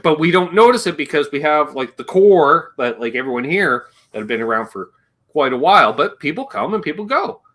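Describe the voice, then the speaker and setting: A man chats on his livestream in a bright voice that sits a little high. His delivery is lively and full of jokey asides. He rambles between topics and reads out viewer comments. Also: a little fast. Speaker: livestream host. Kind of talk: casual livestream chat.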